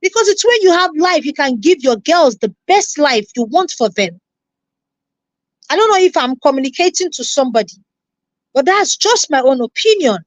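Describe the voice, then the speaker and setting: High-voiced Nigerian woman scolding on live stream. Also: normal speed, dry recording. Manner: animated, scolding, repeats herself, greets viewers. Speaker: reaction streamer.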